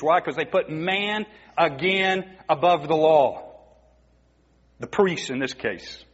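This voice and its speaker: A man's voice: on the high side, husky. A man preaching a sermon, emphatic and asking the congregation rhetorical questions. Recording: dull, muffled recording in a reverberant hall.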